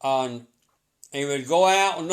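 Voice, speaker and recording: A middle-aged man with a voice pitched a touch high gives a psychic reading to a sitter. He talks in a chatty, looping way, repeats himself and laughs easily between his lines. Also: slow. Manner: chatty, repetitive, laughing often. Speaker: psychic medium.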